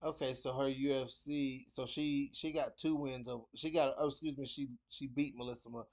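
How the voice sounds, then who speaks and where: A man's voice: medium pitch, steady tone, fairly quick, a little mellow, dull audio. Rambling man previewing fights. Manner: rambling, repeats words, heavy fillers. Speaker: host of a fight picks show. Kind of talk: casual fight preview talk.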